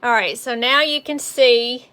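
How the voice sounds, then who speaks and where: Recorded on a mounted phone, a painting instructor with a Southern US accent talks through a live painting tutorial on her livestream. Her slightly high voice is crisp and bright, and her pace a little slow. She keeps a friendly, chatty patter going and greets viewers by name.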